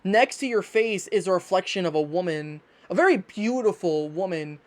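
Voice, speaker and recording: A young woman running a tabletop game, narrating in a quick, casual, rambling way. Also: lowish voice, lively intonation. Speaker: game master.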